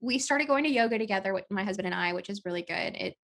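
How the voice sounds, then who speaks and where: A young woman chatting casually as a podcast co-host, mid-pitched and easygoing. She laughs often and jumps into lively acted-out quotes. The audio is rough, like a home setup. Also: quick pace. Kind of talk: casual chat.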